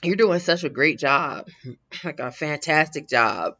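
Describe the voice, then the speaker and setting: A woman's voice: sits low, animated, unhurried, bright, forceful tone. A woman hosting a casual livestream, talking in a rambling way with frequent laughs and restarts. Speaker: livestream host. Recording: dull lo-fi sound.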